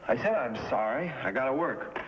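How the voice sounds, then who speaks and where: An actor playing an anxious, irritable male cartoonist who complains about his health and flares into shouting in a 1950s TV drama. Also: mid-range voice, expressive, natural voice. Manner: complaining, quick to anger, shouting at times. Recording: dull old TV soundtrack with faint hiss.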